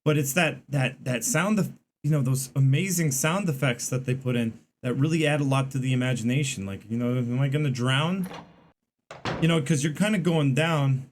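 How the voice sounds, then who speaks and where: A man's voice: medium pitch, normal speed, a little hiss or hum. A man giving casual, rambling game commentary to his stream chat, full of fillers and restarts.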